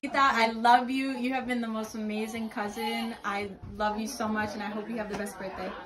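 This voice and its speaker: A woman giving a birthday message to her cousin, warm and effusive. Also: fairly high pitch, flat delivery, a little fast, low-quality recording. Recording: crowd chatter behind.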